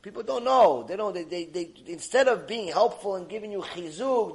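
A middle-aged man teaching a mussar lecture, animated and rebuking, acting out mocking bits of dialogue. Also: high voice, normal speed. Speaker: Torah teacher.

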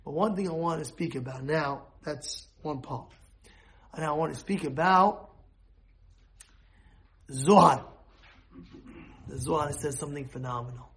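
A man giving an informal sermon, animated and full of restarts, breaking into shouted quoted voices. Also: fairly high pitch, a little slow, long pauses. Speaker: rabbi giving a talk. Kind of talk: informal sermon with acted examples.

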